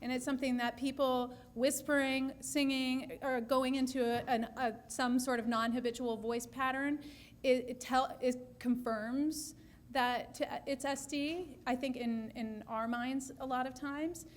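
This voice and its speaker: A woman's voice: sits high, fairly even intonation, measured pace. A woman speech therapist answering audience questions at a session, explaining patiently with frequent restarts.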